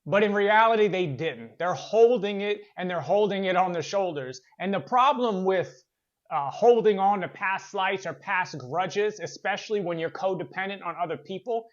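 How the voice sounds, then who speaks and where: High-voiced earnest male motivational speaker. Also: moderate pace, muffled recording. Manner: conversational, earnest, with fillers and repeats. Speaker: workplace trainer and motivational speaker. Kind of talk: motivational talk with storytelling.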